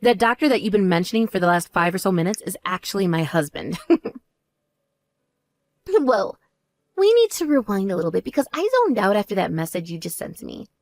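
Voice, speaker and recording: A woman voicing a composed older sister who speaks in a calm, measured and cutting way. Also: no room sound. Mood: cool. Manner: measured, calm, lower and drier.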